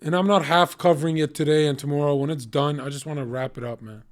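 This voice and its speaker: A man's voice: a little high, fairly even intonation, quick pace. A man streaming, reacting with blunt, profane, jokey asides in casual commentary.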